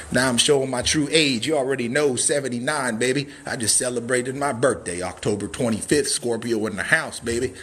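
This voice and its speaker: A man's voice: mid-range voice, moderate pace, pushed and bright. A man hosting a live cabin sales walkthrough, a hyped, catchphrase-heavy showman who whoops and throws in drawled "baby" asides. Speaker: cabin salesman and livestream host.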